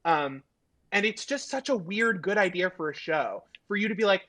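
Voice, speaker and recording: A man's voice: high-pitched, lively intonation, moderate pace, pushed and bright. A man guesting on a podcast in casual chat, enthusiastic and rambling as he searches for words.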